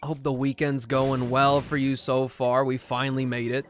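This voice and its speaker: A man's voice: mid-range voice, level tone, moderate pace, soft background music. A young man chatting casually on a gaming livestream, laid-back, reading chat aloud as he plays. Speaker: streamer.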